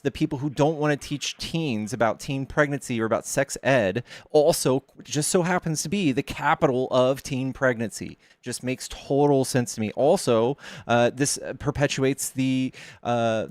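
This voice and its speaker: A man's voice: mid-range voice, no room sound. Blunt, cussing male debate streamer. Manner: blunt, swears, cites data. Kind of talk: casual debate.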